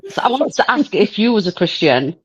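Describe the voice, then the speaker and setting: A woman's voice: mid-range voice, very animated, brisk, husky, no echo. Woman, East Midlands English accent, caller, hesitant, rambling, dry dull lo-fi line. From East Midlands, England. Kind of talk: casual phone-in talk.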